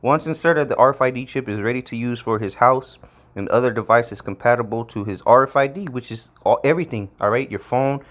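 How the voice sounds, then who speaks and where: A man's voice: mid-range voice, brisk, fairly bright tone. A man giving a casual, blunt scripture lesson, rambling and repeating words as he leans hard on the words he wants to stress. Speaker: preacher.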